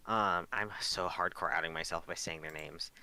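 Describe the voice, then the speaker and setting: Young male podcast co-host, low-ish voice, animated storyteller, casual and profane. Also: moderate pace, clear, resonant tone. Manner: animated storytelling, swears freely. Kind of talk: casual chat.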